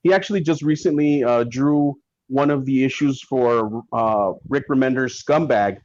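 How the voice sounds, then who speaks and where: A man guest on a podcast, telling stories in a casual, animated way and acting out what others said. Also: medium pitch, moderate pace, no room sound. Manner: animated, acts out quotes from people in his stories. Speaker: guest comic writer. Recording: dull lo-fi sound.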